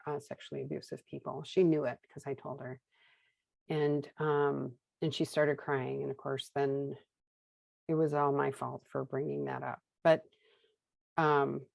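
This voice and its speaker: A woman's voice: sits low, creaky, darkish tone, dry recording, poor audio. A woman in her fifties from Minnesota, candidly telling her recovery story as a guest, with wry humor and acted-out dialogue. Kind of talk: casual personal storytelling.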